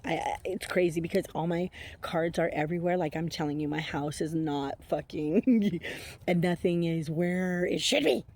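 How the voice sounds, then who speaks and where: A woman giving a casual, rambling oracle card reading, chatty and quick to laugh, with the odd swear word. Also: low-pitched, darkish tone, a little hiss or hum. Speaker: intuitive oracle card reader.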